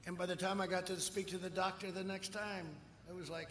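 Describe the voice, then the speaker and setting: A man's voice: sits high, little pitch movement, a little fast, hardly any pauses. Older man giving a rambling rally speech. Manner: rambling, boastful, swings between shouting and muttering asides. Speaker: political speaker at a rally. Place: outdoor rally. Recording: echoey outdoor rally with long reverb and faint crowd noise.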